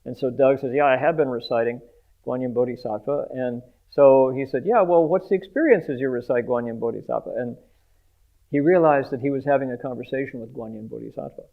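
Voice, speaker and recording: A man's voice: mid-range voice, brisk, gravelly. A man vividly retelling someone else's story, acting out the sound effects as he goes. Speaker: interviewer retelling a guest's story. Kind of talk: animated storytelling. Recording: tinny phone-like audio.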